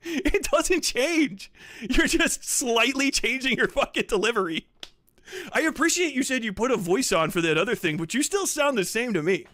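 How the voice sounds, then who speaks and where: A man's voice: very high-pitched, sing-song, normal speed, bright, forceful tone, no echo, clean studio sound. A man in his thirties on a stream, teasing and goading a younger guest with frequent laughter. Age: 30s. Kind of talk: mocking live-stream banter.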